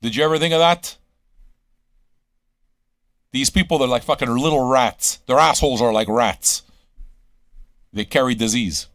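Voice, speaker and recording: A man's voice: mid-range voice, normal speed, pauses often, fairly bright tone, no room sound, clean studio sound. A man hosting a live radio stream, ranting crudely at his listeners with constant swearing and rhetorical questions. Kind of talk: crude rambling monologue to chat.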